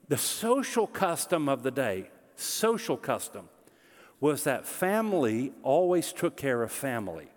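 A man's voice: medium pitch, in a large hall. A middle-aged man preaching a sermon, explaining scripture in a conversational way with touches of humor. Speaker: pastor.

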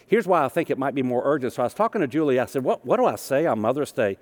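A man's voice: medium pitch, sing-song, very fast, a little mellow. Man preaching with long hall reverb. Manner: storytelling, conversational with humor. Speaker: minister. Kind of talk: sermon.

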